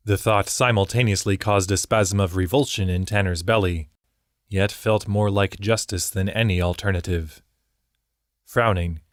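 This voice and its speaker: A man reading a fantasy audiobook in a measured, steady narration. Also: deep voice, no echo, studio quality. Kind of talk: scripted narration.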